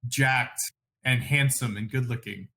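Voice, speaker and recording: A man co-hosting a casual podcast chat, giving blunt opinions and quick apologetic asides. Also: medium pitch, creaky, sharp tone. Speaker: podcast co-host.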